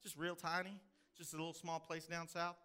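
A man's voice: on the high side, flat delivery, a little fast, sharp tone, clean tone. A man from the Texas hill country with a Texan accent, preaching a sermon as pastor in folksy storytelling style. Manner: folksy storytelling with drawled phrases.

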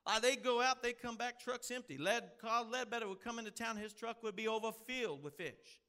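A man's voice: very high-pitched, brisk, sharp tone, pitched above the performer's own voice. A man putting on a broad Southern accent to tell a folksy tale about a boastful fisherman, in a drawling yarn-spinning manner. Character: boastful rural Southern male fisherman storyteller.

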